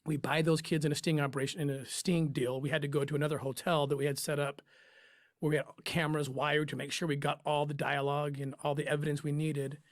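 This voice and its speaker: A man's voice: fairly high pitch, little pitch movement, no room sound. Emotional man, dry close sound. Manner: emotional, halting, with pauses and restarts. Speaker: interview guest, former undercover operative. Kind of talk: emotional personal storytelling.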